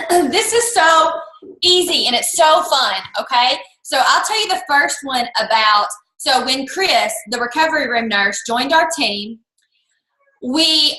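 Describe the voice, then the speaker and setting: A woman talks in a quick, animated way, leaping up in pitch whenever she acts out someone she is quoting. Her voice sits high and sounds bright. The room gives it a roomy echo. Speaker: guest speaker. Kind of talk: lively anecdotal talk.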